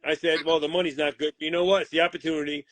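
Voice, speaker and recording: Blunt, profane boxing manager. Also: male voice, a little high, racing, no echo. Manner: profane, blunt, animated retelling with quoted voices. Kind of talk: heated storytelling interview.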